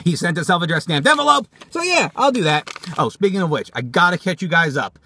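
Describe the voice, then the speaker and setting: A man hosting a toy-show vlog from inside his car, reading fan mail and reacting with excitable, profane, yelling rants. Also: high-pitched, quick pace, a little hiss or hum. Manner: excitable, swearing, yelling outbursts. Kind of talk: profane comedic vlog rant.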